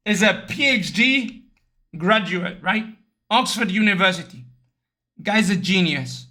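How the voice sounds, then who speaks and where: A young man streaming, chatting casually and telling animated stories with lots of swearing, raising his voice to act out other people. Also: high-pitched. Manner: animated storytelling, acts out others in raised voice, swears often. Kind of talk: casual livestream chat.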